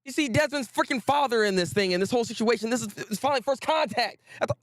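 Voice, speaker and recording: A man hosting a casual anime talk stream, reading out viewer names and repeating himself with animated, slangy energy. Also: extremely high pitch, fast. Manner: animated, repetitive, slangy, greets chat viewers. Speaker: host.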